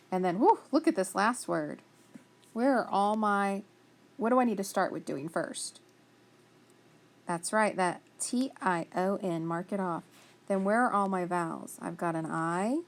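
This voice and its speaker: A woman teaching a phonics spelling lesson, patiently sounding out letters and praising each answer. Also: on the low side.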